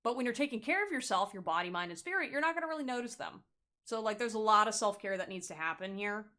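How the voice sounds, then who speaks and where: A woman's voice: mid-range voice, animated, fast, sharp tone. A young woman giving a casual tarot reading, blunt and profane, laughing often and acting out little quotes. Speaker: tarot card reader.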